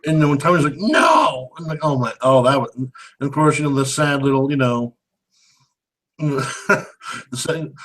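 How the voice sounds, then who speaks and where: A man chats casually about a movie he finds ridiculous. He sounds amused and rambles, often restarting his sentences. His pitch sits in a middle range. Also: steady tone, moderate pace, pauses often, low-quality recording. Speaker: movie review co-host. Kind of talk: casual chat.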